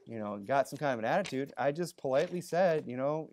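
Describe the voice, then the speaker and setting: A man's voice: a little high, animated, fast talker, few pauses, a little mellow. A man preaching in a church in a loose, conversational way, with good-humored asides. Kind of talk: conversational sermon.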